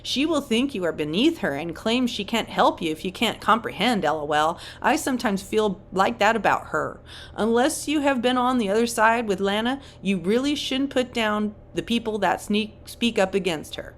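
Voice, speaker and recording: A woman's voice: medium pitch, animated, normal speed, a little hiss or hum, natural voice. Woman doing a southern lady commenter, drawly, rambly, kinda defensive, comment read aloud.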